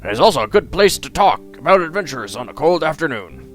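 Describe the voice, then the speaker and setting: A man's voice: on the high side, very animated, quick pace, voice pushed up. A man voicing a genial old male guildmaster, a retired adventurer who reminisces in a chatty, friendly way over faint guitar music.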